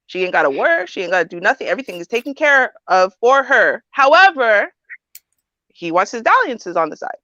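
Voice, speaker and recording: A woman hosting a casual livestream advice chat, animated and quick to laugh, pressing her co-hosts with questions. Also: fairly high pitch, dry recording, highs cut off. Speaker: host.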